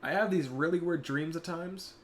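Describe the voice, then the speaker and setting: Young guy on a stream chatting, soft and thoughtful, bit of faint noise behind. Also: on the high side, moderate pace. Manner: reflective, soft-spoken when emotional. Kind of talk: casual chat.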